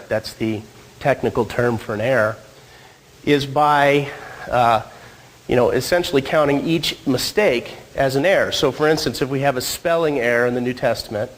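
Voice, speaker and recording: This church speaker is a married man with a cold, his mid-range voice a little husky as he gives a relaxed talk in a church hall. He jokes with the audience as he goes, though the audio quality is poor.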